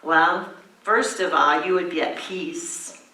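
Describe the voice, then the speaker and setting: A woman pastor delivers a sermon at an unhurried pace, her voice bright and low-pitched. She teaches with gentle emphasis. The sound is echoey and set back from the microphone, as if she were in a church. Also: steady tone, distant mic. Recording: echoey room, voice from the mic.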